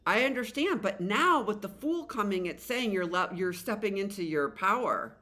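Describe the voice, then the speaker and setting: A woman's voice: mid-range voice, moderate pace. A middle-aged woman giving a casual tarot reading, rambling with many fillers and restarts and casual swearing. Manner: animated voices when quoting the cards. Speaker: tarot reader.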